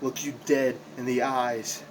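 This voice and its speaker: A man's voice: mid-range voice, flat delivery, measured pace, a little hiss or hum, rough recording. A man cutting an impassioned, confrontational wrestling promo, repeating himself for emphasis as a backyard wrestler.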